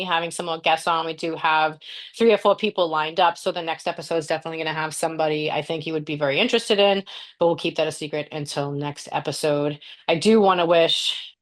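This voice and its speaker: A woman in her forties co-hosting a podcast in casual chat, laughing often and speaking bluntly with plenty of swearing. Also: fairly low pitch. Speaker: podcast co-host.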